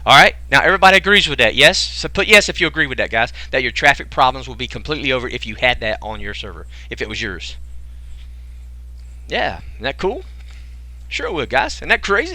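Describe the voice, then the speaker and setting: An excitable man hosts a casual online sales pitch. He talks in folksy slang and keeps firing rhetorical questions at his audience. His voice is very bright and lively, with big swings in pitch. It sits dry and close on the mic. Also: fairly quick, dry recording. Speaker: webinar host pitching a business program.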